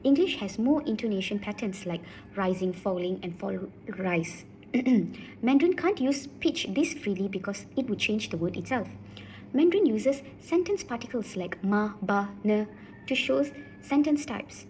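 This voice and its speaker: A woman giving a student class presentation, reading in a steady, soft-spoken way. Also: medium pitch, a little slow, slight background noise, poor audio.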